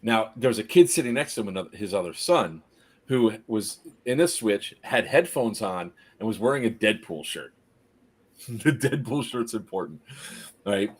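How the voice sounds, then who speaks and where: A man casually telling a long story on a podcast as its host, animated and often laughing. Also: fairly low pitch, measured pace, husky. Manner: animated anecdote teller, laughs through his story.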